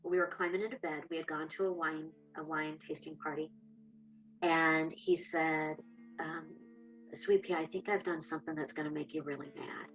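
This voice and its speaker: A woman's voice: sits low, fairly even intonation, normal speed, highs cut off, faint music behind. A woman candidly recounting her own experience in an interview, acting out the lines of past conversations. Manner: candid, reenacts dialogue. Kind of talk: personal testimony.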